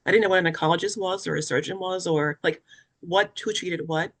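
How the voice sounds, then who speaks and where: A woman's voice: fairly low pitch, fairly quick. A young woman from West Africa, a cancer survivor and patient advocate, telling her story earnestly and with emotion in an interview, acting out what others said to her. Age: young adult. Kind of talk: personal story in a webinar interview.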